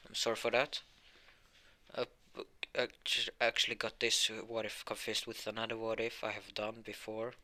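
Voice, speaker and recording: A man's voice: lowish voice, monotone, moderate pace, bright, forceful tone. A man narrating an improvised fan story, rambling with many fillers and self-corrections.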